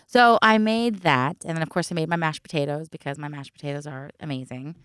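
A woman's voice: low voice, fairly quick, a bit bright, smooth, no echo, studio quality. A middle-aged woman co-hosting a podcast in casual chat, laughing often and explaining recipes step by step. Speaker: podcast co-host.

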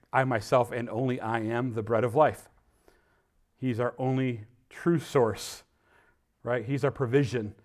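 A pastor giving a conversational sermon, often pausing on fillers and growing emphatic when he quotes scripture. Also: medium pitch. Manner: conversational, rambling with fillers and restarts.

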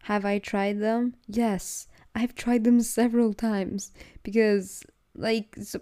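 Rambling young woman podcast host, mellow voice. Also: mid-range voice, takes it slowly, clear, resonant tone. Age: young adult. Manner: rambling, animated, laughs often, frequent "like" and "dude". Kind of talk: casual solo podcast rant.

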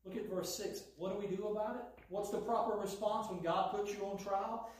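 Guy preaching, highish voice, sounds far from the mic in a big echoey church. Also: normal speed. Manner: animated, voices God's lines with a sarcastic edge. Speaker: pastor. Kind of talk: sermon.

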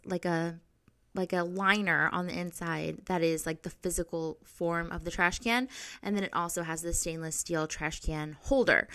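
A woman's voice: lowish voice, a bit bright. A young adult woman hosting a podcast, telling a story in a casual, rambling way, full of filler words and frequent swearing. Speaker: podcast host.

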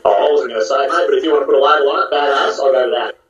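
A man's voice: medium pitch, racing. Laid-back Australian man on a video call. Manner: laid-back, dry humour, says mate often. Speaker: guest, TV host on video call. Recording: roomy, distant, dull video-call audio.

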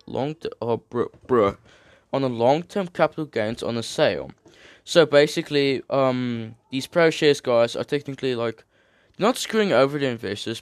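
Reading an article out loud with commentary, a young streamer keeps it slangy and relaxed, joking between lines and fumbling hard words. His pitch is middling, and the sound is dry and up close.

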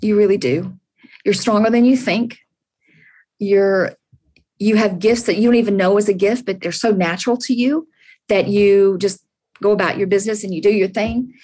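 A woman's voice: medium pitch, fairly even intonation, normal speed, a little mellow. A woman in her sixties, an interview guest, speaking earnestly and encouragingly, often repeating her words. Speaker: podcast guest. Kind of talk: heartfelt interview answers.

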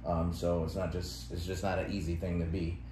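A man's voice: low-pitched, a little fast. Laughing man co-hosting a podcast, echoey. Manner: laughs often, animated when reading phrases aloud. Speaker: podcast co-host. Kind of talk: casual chat. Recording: echoey room with faint noise.

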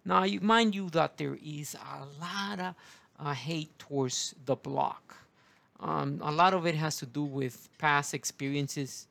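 A man, preaching in a rambling, halting way full of fillers and asides. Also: fairly high pitch, gravelly, pushed and bright, dry recording. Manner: digressive, halting, many fillers. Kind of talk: rambling Bible teaching.

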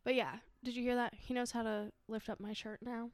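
A woman's voice: a little high, level tone, a little fast. A young adult woman co-hosting a casual podcast, telling stories in a chatty way and laughing often. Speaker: podcast co-host. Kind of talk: casual chat.

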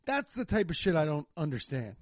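Young man, slightly higher voice, very dry close sound; loose, cussing storyteller. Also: big pitch swings, fairly quick, no echo. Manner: profane, rambling, laid-back. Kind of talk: casual comedic storytelling.

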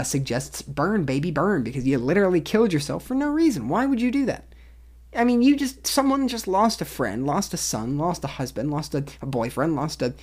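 Low-voiced woman ranting about the news. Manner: opinionated, rambling, reads articles aloud with asides. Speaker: podcast host. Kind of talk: casual solo commentary on news.

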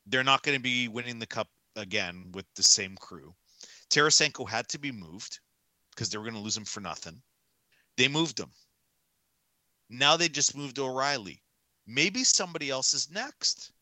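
A man's voice: medium pitch, lively intonation, moderate pace, pushed and bright, dry recording. A man co-hosting a casual sports talk podcast, ranting emphatically and hammering his points with repetition. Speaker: podcast co-host.

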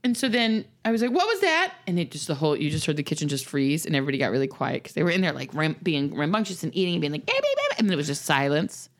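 A woman's voice: deep voice, very fast, hardly any pauses. A woman in her thirties telling a family story in casual chat, acting out the voices of the people in it. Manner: animated storyteller who acts out voices.

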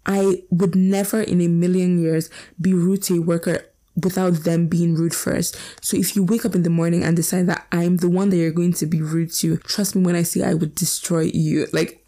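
A woman's voice: on the low side, little pitch movement, normal speed, warm tone. A teenage girl from Nigeria ranting bluntly and swearing in a casual opinion vlog. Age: teens. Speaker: vlogger. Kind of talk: casual opinion rant, reacting to statements.

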